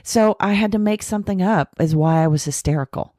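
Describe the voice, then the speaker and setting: A woman guest candidly telling her recovery story, acting out quoted voices and slowing down to make her points. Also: medium pitch, no echo, studio quality. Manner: frank, animated retelling with acted quotes and self-deprecating laughs; slows down and softens for spiritual points. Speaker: podcast guest.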